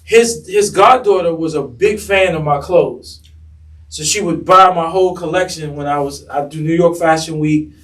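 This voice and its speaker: A man's voice: fairly high pitch, normal speed, a bit bright, recorded from a distance. A man, a fashion designer, telling stories as an interview guest and animatedly acting out the people he quotes. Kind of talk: casual storytelling interview.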